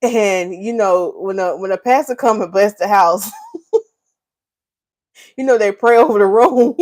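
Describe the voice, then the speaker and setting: With a medium pitch and measured pace, a North Carolina woman runs a casual hair care livestream. She reads comments aloud, playfully teases viewers, and laughs frequently, animated and using Southern Black vernacular.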